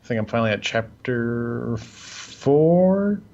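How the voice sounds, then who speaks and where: A man of middle pitch talks loosely and rambles through casual podcast chat, dropping curse words as he goes. His audio sounds muffled and lo-fi. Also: expressive, slow, gravelly, dark tone. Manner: loose, rambling, swears freely. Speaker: podcast co-host.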